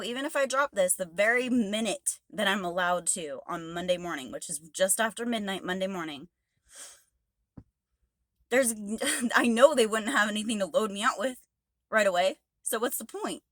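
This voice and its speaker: A woman's voice: medium pitch, animated, normal speed, a bit bright, no room sound. A woman truck driver ranting angrily to camera, swearing heavily and exasperated. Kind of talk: angry rant to camera.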